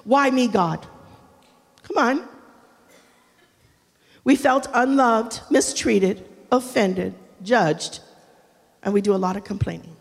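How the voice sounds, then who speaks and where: A middle-aged woman pastor delivers a lively sermon in a fairly high voice, mixing humor with conviction. She acts out quotes, dropping to a hush and then rising loud again. Her voice rings out with the long reverb of a large hall. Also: slow pace, creaky, pauses often. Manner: animated, humorous, acts out quotes with big shifts in loudness.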